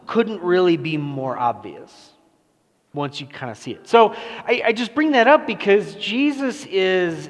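A man preaching a relaxed, conversational sermon as pastor, casual and self-deprecating, with many fillers and restarts. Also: high-pitched. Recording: long reverb of a large hall.

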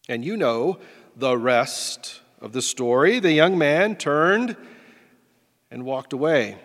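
A man's voice: mid-range voice, animated, takes it slowly, a bit bright, long reverb tail. A man preaching a sermon as pastor, in a folksy, self-deprecating way.

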